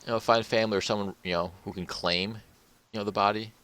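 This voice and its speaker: A man's voice: fairly low pitch, steady tone, quick pace, a bit bright. A man narrating as game master in a tabletop role-play session, rambling with many filler words. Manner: rambling, filler-heavy, with many "you know"s.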